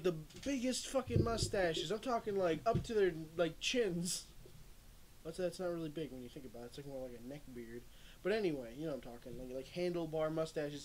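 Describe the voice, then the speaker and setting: A man's voice: sits high, a little mellow. A young man streaming and chatting casually, rambling through stories, swearing and laughing often. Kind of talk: casual chat. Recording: faint background noise.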